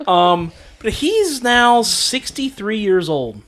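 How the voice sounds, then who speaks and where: A man's voice: high-pitched, sing-song, slow, fairly bright tone. A man co-hosting a casual movie podcast, rambling through his thoughts with many fillers and restarts and laughing easily. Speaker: podcast co-host.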